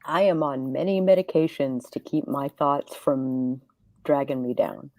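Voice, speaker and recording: A woman's voice: extremely low pitch, fairly even intonation, unhurried, warm tone. A woman chatting on a livestream in a laid-back way, giving short, easygoing answers. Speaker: co-host on livestream. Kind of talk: casual livestream chat.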